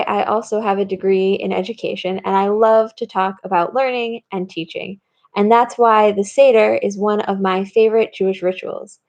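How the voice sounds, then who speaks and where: A woman's voice: medium pitch, darkish tone. A woman rabbi giving a recorded lesson, explaining steadily and reading verses aloud. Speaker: rabbi and teacher. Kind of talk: recorded teaching talk.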